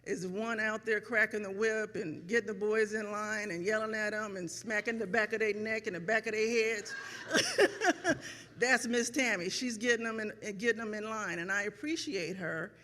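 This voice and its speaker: A middle-aged woman giving an emotional, grateful speech as a parent at a ceremony, with many pauses and ums. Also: mid-range voice, fairly even intonation, bright, forceful tone, in a large hall. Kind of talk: heartfelt speech. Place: event hall.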